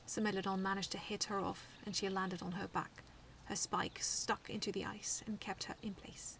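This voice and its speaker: A woman reading her own first-person fan fiction aloud in a hushed, half-whispered narration. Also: mid-range voice, flat delivery, moderate pace, gravelly. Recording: distant mic with faint noise.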